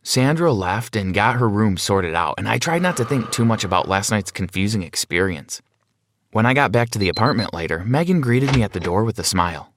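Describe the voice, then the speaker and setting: A man telling a scripted first-person story in a plain, steady way. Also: fairly low pitch, fairly quick, slight background noise.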